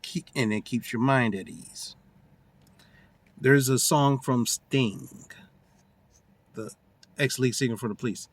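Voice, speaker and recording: A man's voice: mid-range voice, slow pace, pauses often. A man ranting casually to his phone about a friend's relationship, telling the story with acted-out quotes and slang. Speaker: vlogger giving relationship advice. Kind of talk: casual rant to camera.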